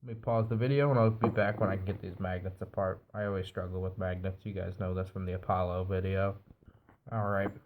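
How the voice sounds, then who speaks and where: A man's voice: low-pitched, brisk, phone-quality sound, slight background noise. A man with a nasal, stuffy voice from a cold, casually reviewing a device while he assembles it. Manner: relaxed, explains while assembling. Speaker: product reviewer.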